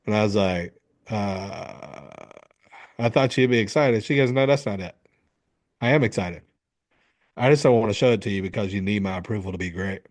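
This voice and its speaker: Animated storytelling man, swearing freely. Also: fairly low pitch, quick pace. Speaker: guest, men's coach. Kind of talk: storytelling in an interview.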